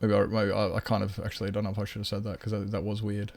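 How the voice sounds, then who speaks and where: A man's voice: fairly low pitch, completely flat delivery, rapid-fire, vocal fry, a little mellow. A man streaming a game live, chatting loosely with viewers and rambling to himself. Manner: rambling, chatty, greets viewers, talks to his cat. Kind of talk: casual live-stream chat.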